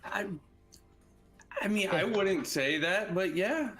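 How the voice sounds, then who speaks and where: A man's voice: sits high, takes it slowly, a loud crowd. A man, a player at a tabletop game, talking in a hesitant, playful way with giggles. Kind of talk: casual chat.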